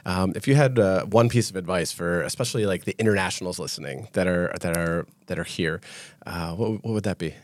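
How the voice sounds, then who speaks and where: A man's voice: low-pitched, brisk. A man hosting a podcast interview, asking questions with hesitant fillers. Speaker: podcast host.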